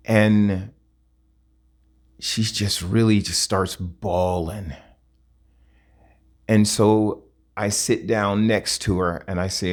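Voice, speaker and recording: Guy telling a story off the cuff, real slow, lots of pauses, kinda low voice. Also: fairly even intonation. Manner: slow, halting delivery broken into short phrases. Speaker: vlogger. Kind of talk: casual personal storytelling.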